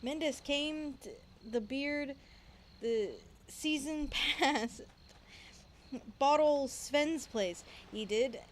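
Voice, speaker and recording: Woman putting on a gruff pirate sailor. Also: sits high, a little hiss or hum. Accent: put-on pirate accent. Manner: halting, stumbling over the written dialect.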